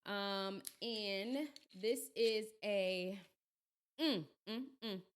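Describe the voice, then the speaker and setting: A woman hosting a podcast in casual chat, her voice crackly and hoarse as she gets over being sick, talking in chatty, self-deprecating asides. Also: medium pitch, extremely slow. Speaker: podcast host.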